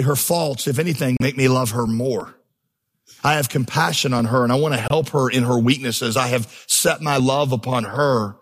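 A man's voice: medium pitch, fairly bright tone. A man preaching a sermon as pastor, telling stories with humor and building to emphatic, impassioned crescendos. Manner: storytelling, humorous asides.

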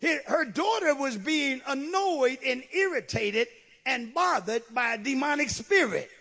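A man preaching a sermon with fervor, dropping to a hush and then rising to shouts. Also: very high-pitched, expressive, a little slow, gravelly. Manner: impassioned, swings from hushed to shouting.

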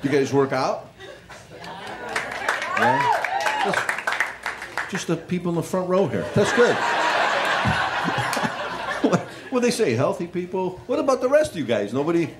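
A man doing self-deprecating stand-up and chatting with the audience, over loud crowd laughter. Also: sits high, sing-song, unhurried, long pauses, very noisy. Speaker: stand-up comedian. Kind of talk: stand-up routine.

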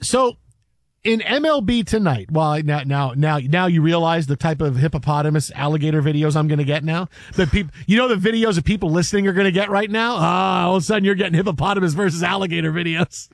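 A man co-hosting a sports podcast, telling stories in an animated, rambling way. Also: on the high side, fast talker, vocal fry, no echo. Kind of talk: casual sports talk.

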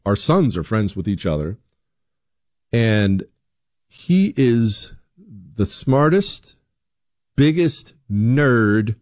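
A man's voice: mid-range voice, no echo, studio quality. A man delivering an opinion commentary monologue, emphatic, full of rhetorical questions, often restarting and repeating words. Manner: emphatic, animated, rhetorical questions, acts out quoted voices. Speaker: political commentator host.

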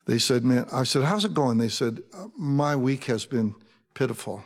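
A man's voice: mid-range voice, animated, quick pace. Male pastor, conversational sermon, asides to the congregation, long hall reverb.

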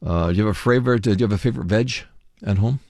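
Deep gravelly radio host. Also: male voice, very fast, no echo, studio quality. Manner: chatty, lively, many fillers. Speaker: radio morning show host. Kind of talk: casual radio chat. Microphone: studio microphone.

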